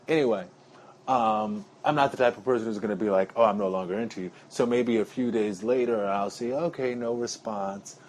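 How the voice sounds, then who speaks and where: A man's voice: mid-range voice, moderate pace, darkish tone. A man talking casually to his viewers in a rambling, chatty monologue, calling them y'all. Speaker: vlogger.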